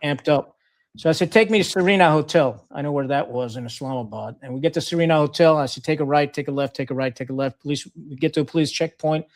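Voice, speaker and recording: A middle-aged man from Pakistan, a former Marine officer, recounts his service as a podcast guest. His voice sits a little higher than most men's, and he talks frankly, swearing freely and restarting sentences with plenty of fillers. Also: fast talker. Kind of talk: casual storytelling interview.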